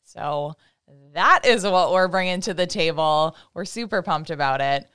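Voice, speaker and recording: A woman's voice: lowish voice, a little slow, a bit bright, clean tone, no echo, clean studio sound. A young woman co-hosting a fitness podcast in casual chat, bubbly, laughing often and stumbling over repeated words. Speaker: podcast co-host.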